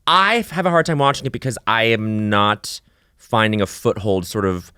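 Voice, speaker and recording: A man co-hosting a podcast in casual chat, excitable and quick to laugh, with halting restarts. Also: lowish voice, clean tone, no room sound, clean studio sound. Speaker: podcast co-host. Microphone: studio microphone.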